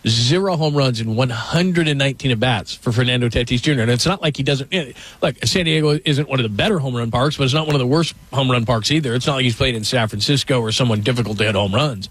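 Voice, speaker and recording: A man's voice: mid-range voice, fairly bright tone, husky, no room sound. A man hosting a sports talk show, asking his co-host questions about the season. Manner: questioning, teasing.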